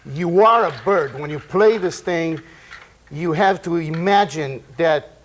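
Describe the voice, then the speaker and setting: A man with a Brazilian Portuguese accent, a native Portuguese speaker, gives a relaxed percussion class, rambling loosely and dropping in vocal sound effects. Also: fairly high pitch, slow. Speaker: percussion teacher. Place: room with percussion table. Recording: loud percussion noise and clicks.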